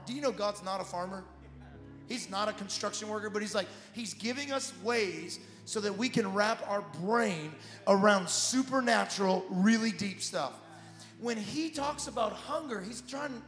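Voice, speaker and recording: A man preaching a sermon as pastor, animated, with repeated phrases that build to shouts. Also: high-pitched, moderate pace. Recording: echoey hall with music.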